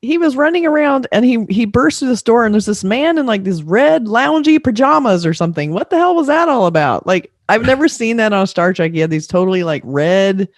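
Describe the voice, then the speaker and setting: A woman's voice: a little high, expressive, a little fast, few pauses, no room sound, clean studio sound. A woman co-hosting a review podcast, chatting and acting out the scenes she describes. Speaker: podcast co-host. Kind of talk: casual review chat.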